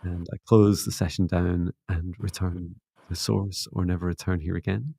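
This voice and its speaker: A middle-aged man hosting a spiritual livestream, talking in a soft, gently meditative way. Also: sits low, little pitch movement, moderate pace, vocal fry, breathy edge, no echo. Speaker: psychic mentor and livestream host. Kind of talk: casual livestream chat and guided closing.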